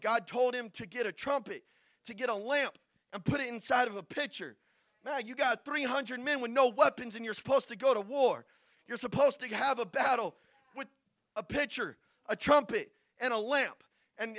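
Young man preaching, very high voice, bright and tense, dry close sound, storytelling, rising to shouts. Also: dry recording. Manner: storytelling, acting out Bible figures, builds to shouting. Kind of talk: sermon.

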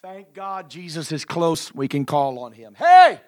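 A man preaching a storytelling sermon, animated and dramatic, drawing words out and laughing often. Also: a little high, measured pace.

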